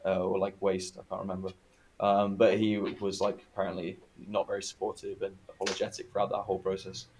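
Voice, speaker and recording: A man's voice: sits low, completely flat delivery, a little fast, darkish tone, a little hiss or hum. A man co-hosting a casual podcast chat, laid-back and hesitant, swearing casually. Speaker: podcast co-host.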